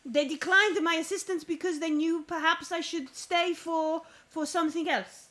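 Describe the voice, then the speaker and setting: A woman's voice: very high voice, steady tone, moderate pace, a bit bright, voice pushed up. A woman doing a pompous French-accented poet man. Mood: flustered. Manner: grandiose, rambling, self-important.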